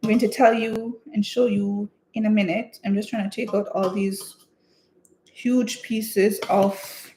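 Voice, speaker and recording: A woman's voice: medium pitch, little pitch movement, a little slow, mellow. Chatty woman baking in an echoey kitchen. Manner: chatty, rambling storyteller with laughs. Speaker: home cook vlogger. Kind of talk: casual live-stream chat while baking. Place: home kitchen. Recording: echoey room, faint noise.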